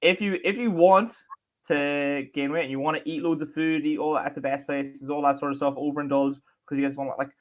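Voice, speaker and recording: Blunt, quick-talking co-host. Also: male voice, fairly high pitch, fairly even intonation. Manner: blunt, casual, swears freely. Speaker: fitness coach and podcast co-host. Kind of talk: casual podcast chat.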